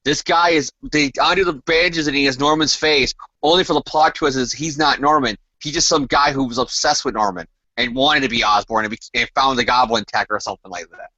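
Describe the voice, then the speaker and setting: A man co-hosting a casual comic book chat, animated and emphatic as he speculates. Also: medium pitch, a little fast, few pauses, no room sound, highs cut off. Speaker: co-host.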